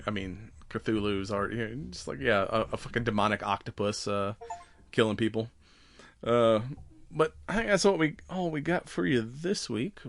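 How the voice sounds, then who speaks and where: A man's voice: on the low side, vocal fry. A man hosting a podcast in casual chat, rambling with lots of laughs and swearing. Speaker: podcast host.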